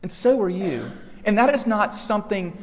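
A middle-aged man delivers an earnest sermon in a slightly high voice. His words ring with a long reverb, as if spoken in a large hall. He builds steadily toward emphatic, pressing points. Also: big pitch swings, moderate pace. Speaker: campus ministry pastor.

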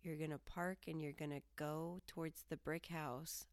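A woman voicing an older female shop clerk who murmurs secret directions in a hushed, conspiratorial way. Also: deep voice, expressive, very slow, no room sound, full character voice.

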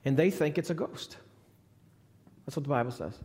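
A male pastor preaching a live sermon in a church, swinging from loud, high appeals to hushed, low lines. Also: normal speed. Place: church sanctuary. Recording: long reverb of a church hall.

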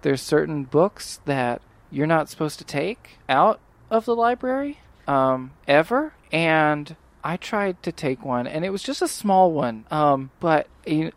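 A man's voice: on the high side, no room sound, pitched above the performer's own voice. Man playing a shy, stammering student witch. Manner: stammering, polite, formal. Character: shy, nervous young female student witch, formal.

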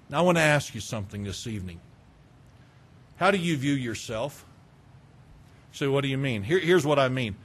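A middle-aged male pastor preaching a sermon, animated, swinging between loud urging and quiet asides. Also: medium pitch.

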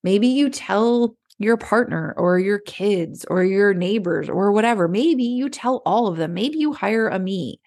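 A woman coach talks in a relaxed, conversational way, as if chatting with a friend. Her voice carries a noticeable gravelly fry. She keeps slipping into little acted-out inner voices to make her point. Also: mid-range voice, unhurried, hardly any pauses. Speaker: clarity coach. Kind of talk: casual motivational talk.

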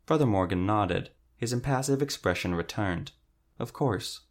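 A man narrating an audiobook in a steady, even reading voice. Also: lowish voice, normal speed. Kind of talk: scripted narration.

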